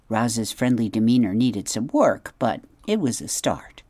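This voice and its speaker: A woman narrating a children's audiobook in an expressive storytelling manner, dropping soft at asides. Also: rumbling low, unhurried, hardly any pauses, breathy edge, dry recording. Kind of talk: scripted narration.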